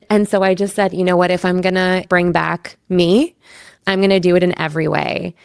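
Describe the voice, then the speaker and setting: A woman's voice: fairly low pitch, clear, resonant tone, no echo, clean studio sound. A woman from Canada in her thirties, a lawyer and podcast guest, telling personal stories in candid, emotional casual chat, full of "like". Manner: candid, emotional storytelling with frequent "like".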